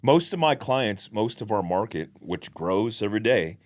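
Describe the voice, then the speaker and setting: Man, podcast co-host, low voice, blunt and profane, casual chat. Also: lively intonation, moderate pace.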